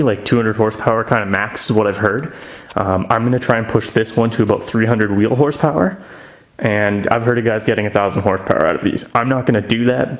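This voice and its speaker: A young man chatting casually and eagerly about his car project in his home garage, with lots of filler words. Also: lowish voice.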